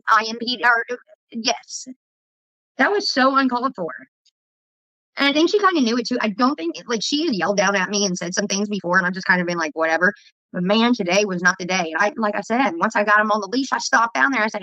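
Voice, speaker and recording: A woman rants through a casual livestream, swearing as she tells her stories. Her voice is bright and sharp, and it sits a little high. The sound is dull and lo-fi, with a dry, close feel. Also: brisk, no echo. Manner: profane, heated storytelling. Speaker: vlogger.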